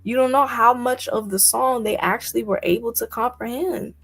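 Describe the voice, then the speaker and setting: Creaky-voiced woman, emphatic and indignant. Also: on the high side, fairly even intonation, normal speed. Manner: emphatic, indignant rhetorical questions. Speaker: guest commentator. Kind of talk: casual discussion.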